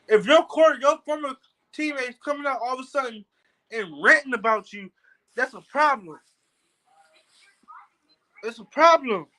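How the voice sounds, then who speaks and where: A man's voice: very high-pitched, animated, measured pace, pauses often, bright, forceful tone, low-quality recording. A man ranting angrily as a football fan on his own video channel, cursing and stammering over his words. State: angry. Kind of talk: heated fan rant vlog.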